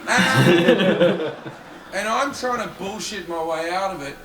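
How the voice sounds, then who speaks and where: A man's voice: sits high, animated, slow pace, a loud crowd. A male stand-up comedian telling a crude anecdote on stage in front of a live audience. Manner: crude, swearing anecdotal delivery. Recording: echoey live venue with audience noise.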